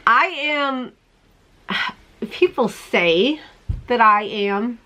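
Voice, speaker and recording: A woman who hosts a crafting channel tells stories in a relaxed chat, her voice fairly high. She's animated and laughs easily while acting out her own panic.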